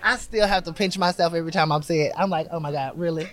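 A man's voice: a little high, quick pace, a bit bright. A man speaking as a drag performer in an interview, exuberant and sassy, calling people honey and baby. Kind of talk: animated interview answers.

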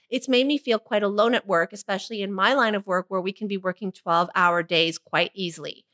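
A woman's voice: mid-range voice, pushed and bright. A woman co-hosting a casual podcast chat, blunt and swearing freely, also reading listener letters aloud. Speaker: podcast co-host.

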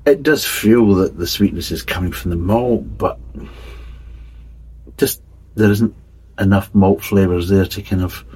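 Casting: man, lowish husky voice, rambling beer reviewer who keeps qualifying himself. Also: darkish tone, low-quality recording. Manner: rambling, hedging, many restarts. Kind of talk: casual tasting review.

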